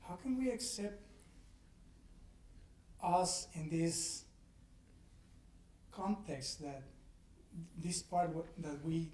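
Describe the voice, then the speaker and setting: A man's voice: on the high side, expressive, extremely slow, long pauses, darkish tone. A man asking a question at a service, hesitant and repeating words. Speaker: audience member asking a question. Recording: echoey room, distant mic, faint noise.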